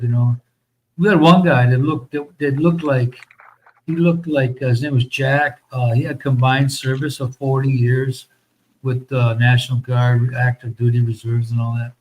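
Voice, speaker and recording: A man's voice: medium pitch, a little mellow, a little hiss or hum, poor audio. A middle-aged man from the United States, hosting a casual chat and telling long, profane army stories with many fillers. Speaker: host.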